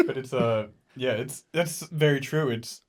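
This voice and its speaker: A young adult man hosts a podcast in casual chat. He is animated, laughs a lot and fills his speech with "like". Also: medium pitch, measured pace. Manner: animated, laughing, filler-heavy. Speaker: podcast host.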